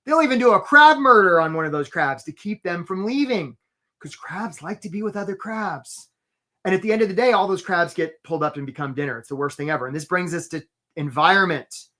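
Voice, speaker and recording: A man's voice: high-pitched, expressive, brisk, pushed and bright. Male career coach hosting a live webinar; upbeat motivational delivery, conversational with tag questions. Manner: motivational, peppers lines with "right?".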